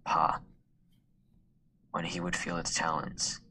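A man reading a story aloud in a hushed, half-whispered way. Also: sits low, monotone, slow pace, slight background noise, poor audio. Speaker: student reader.

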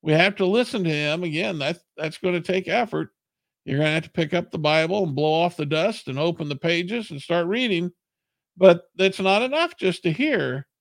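A man's voice: sits high, moderate pace, vocal fry, no room sound. A man preaching a sermon in an earnest, plain-spoken way.

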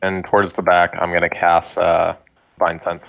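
A man in a tabletop game with a very deep, gravelly voice, carefully reading out what his spell does. His voice comes through muffled and lo-fi. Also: completely flat delivery, moderate pace. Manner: methodical, reads out rules. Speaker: player. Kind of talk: casual tabletop play.

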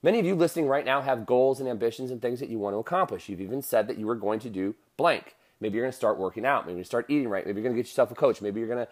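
A man's voice: mid-range voice, rapid-fire, few pauses. A man in his thirties giving a casual motivational monologue to listeners, rambling with many fillers and restarts.

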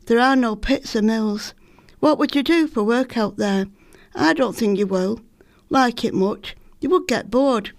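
A woman's voice: a little high, measured pace, dry recording, clean studio sound. A woman with a Lancashire accent voicing a stern, practical working-class mother who scolds her son down to earth. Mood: scolding.

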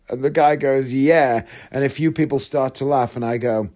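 A man's voice: medium pitch, moderate pace, few pauses, darkish tone. A man, a magician, chatting through a casual story and acting out his punchlines. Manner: chatty, self-deprecating, acts out punchlines.

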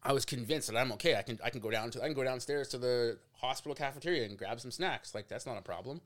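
A young man from Canada telling a story in casual podcast chat, animated and laughing, acting out quotes. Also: mid-range voice, fast talker. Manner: animated, laughs often, acts out quotes, swears. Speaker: podcast guest.

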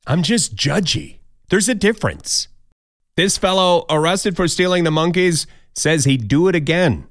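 A man's voice: on the high side, animated, measured pace, a bit bright, no room sound, clean studio sound. A man hosting a podcast countdown of odd news stories, with jokey, wry asides. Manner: jokey, wry asides, mock quoted voices. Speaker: podcast host.

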